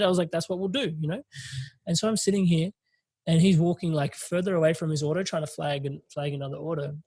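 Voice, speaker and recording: Animated man telling a story. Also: a little high, vocal fry, dry recording. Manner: animated, swearing, laughing through a story. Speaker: podcast host. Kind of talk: casual storytelling.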